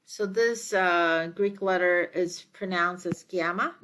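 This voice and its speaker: A woman lecturer explaining her slides in a measured way, with frequent ums and uhs as she works through each step. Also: on the low side, fairly even intonation, a bit bright, clean tone.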